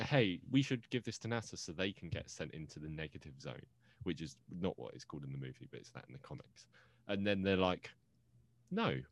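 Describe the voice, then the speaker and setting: A man with a low voice co-hosts a movie podcast, talking in loose, rambling, jokey chat. His voice sounds dry and close to the mic, with no room echo. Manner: rambling, jokey, self-interrupting. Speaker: podcast co-host.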